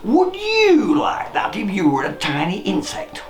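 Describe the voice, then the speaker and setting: A storyteller voicing a calm, magical talking satsuma that gently scolds a child with teacherly questions, in a children's storybook reading. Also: medium pitch, a little slow. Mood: scolding. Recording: roomy echo, faint music.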